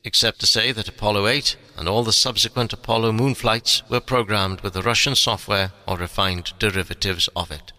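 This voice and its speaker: A man's voice: fairly low pitch, fairly even intonation, brisk, hardly any pauses, dry recording. A man voicing a regretful old astronaut commander. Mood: confessing. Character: old former astronaut commander with a painful back, confessing. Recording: soft music underneath.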